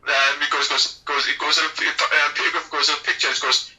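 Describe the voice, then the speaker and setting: Brief: teasing male co-host, bright and a bit high, stumbles and restarts. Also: level tone, a little fast, few pauses, recorded from a distance, low-quality recording. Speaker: podcast co-host. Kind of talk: casual film commentary chat.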